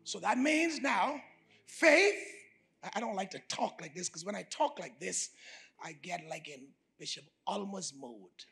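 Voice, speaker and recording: A preacher in full fire, shouting in a shrill, soaring voice that swoops high and low. Each word is stretched into a sing-song cadence. The sound is noisy and distant from the mic. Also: male voice, animated, measured pace, gravelly, heavily acted. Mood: fiery preaching. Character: fiery high-pitched preacher, shouting and drawn out.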